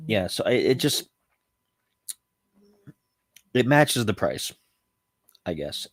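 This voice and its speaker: On his casual home vlog about spirits, a low-voiced man reviews cognac with no echo in the recording. His talk is loose and rambling, full of ums, restarts and self-corrections.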